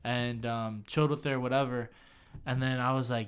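Male co-host, mid-pitched, chill slangy storyteller. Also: moderate pace, smooth. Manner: relaxed slangy storyteller, swears casually. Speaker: podcast co-host. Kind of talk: casual chat.

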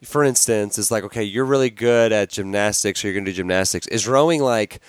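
Brief: male podcast host, excitable, interrupting, dry close sound. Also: lowish voice, fairly quick, clean tone, no room sound. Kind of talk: casual podcast chat.

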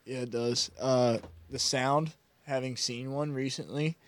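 A man's voice: mid-range voice, fairly even intonation, unhurried, dry recording. Man gushing about classic cars. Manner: rambling, enthusiastic car talk. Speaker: podcast co-host. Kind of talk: casual chat.

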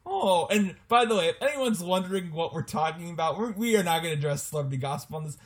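A man's voice: fairly high pitch, lively intonation, quick pace. A young man co-hosting a podcast in casual chat, joking and laughing often. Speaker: podcast co-host.

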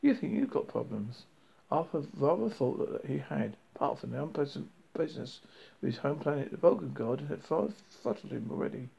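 Gravelly man reading aloud, stumbling. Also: medium pitch, dark tone. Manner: halting, frequent slips and restarts. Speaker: reader. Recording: dull lo-fi recording.

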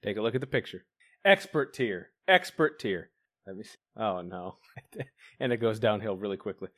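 A man's voice: fairly low pitch, quick pace, no room sound, clean studio sound. Crude, chuckling male co-host. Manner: crude, chuckling while browsing. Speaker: co-host reacting to online content. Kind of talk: casual profane chat.

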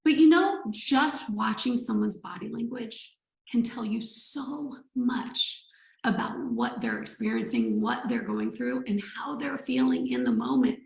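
A woman with a high voice and a gravelly edge, leading a coaching training call. She is playful and emphatic, and her voice rings in a noticeably echoey room. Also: sing-song, a little slow, a little mellow.

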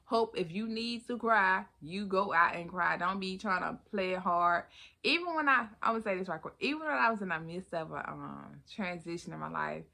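A woman's voice: on the low side, lively intonation, normal speed, vocal fry, pushed and bright. A woman hosting her own vlog, talking casually and expressively to viewers with loose asides and restarts. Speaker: vlog host. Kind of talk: casual motivational vlog talk.

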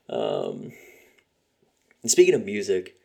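A man's voice: low-pitched, vocal fry, dark tone, breathy edge. A young man hosting a podcast, rambling casually about music with lots of fillers and swearing. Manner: rambling, profane, frequent fillers. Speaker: podcast host.

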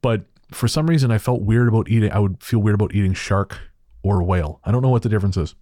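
A man co-hosting a podcast, talking in a halting way with restarts and self-deprecating laughs. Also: on the low side, mellow, dry recording, clean studio sound. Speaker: podcast co-host. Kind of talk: casual chat.

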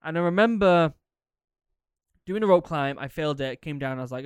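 Man, thirties, podcast host, rambling storyteller, slightly high voice, smooth clear tone, dry close sound. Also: normal speed, no echo. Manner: rambling, animated, lots of fillers and repeats. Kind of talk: casual storytelling, answering listener questions.

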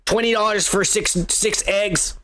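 A man's voice: sits high, steady tone, a little slow, bright, forceful tone. A man co-hosting a podcast, reading listener comments in a crude, rambling, swear-heavy chat. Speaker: podcast co-host.

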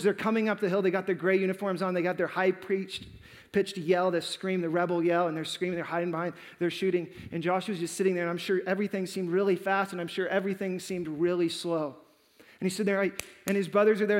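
A man's voice: high voice, steady tone, fast, big-room sound. A man preaching a sermon, telling a story dramatically and acting out the quoted lines. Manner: dramatic, acts out quoted dialogue.

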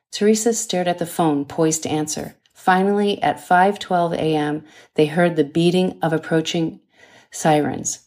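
A woman, the author, reading her own thriller novel aloud in a measured, dramatic way. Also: low-pitched, fairly even intonation, a little mellow. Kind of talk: audiobook narration.

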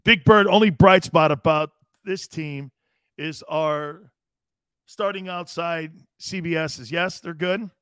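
A middle-aged man from Connecticut hosting a sports radio show, loud and rambling, laughing and doing voices for his stories. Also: on the high side, takes it slowly, clear, resonant tone, no echo, studio quality. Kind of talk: animated sports talk.

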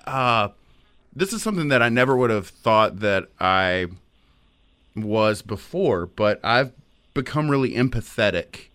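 A man's voice: fairly low pitch, expressive, unhurried, fairly bright tone, no room sound. A man hosting an interview in a casual, loose way, restarting his thoughts as he goes. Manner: loose, swears, trails off and restarts. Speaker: host.

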